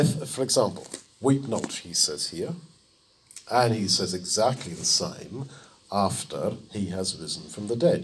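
A man's voice: fairly low pitch, slight background noise. A man preaching a sermon, telling the story vividly and acting out the people's words. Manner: animated storytelling, acting out dialogue in quick voices.

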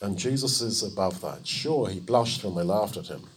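A man's voice: lowish voice, slight background noise. A man preaching a sermon, telling the story vividly and acting out the people's words. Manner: animated storytelling, acting out dialogue in quick voices.

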